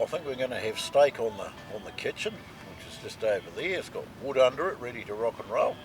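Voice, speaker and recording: A man's voice: mid-range voice, darkish tone. Chatty New Zealand man at camp. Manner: chatty, peppers talk with "mate" and "eh". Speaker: vlog co-host. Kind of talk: casual outdoor vlog chat. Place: outdoor campsite.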